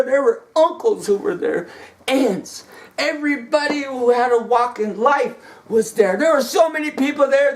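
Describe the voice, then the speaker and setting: A preacher telling a story in a sermon, dramatic and repetitive, rising to shouts. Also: high-pitched.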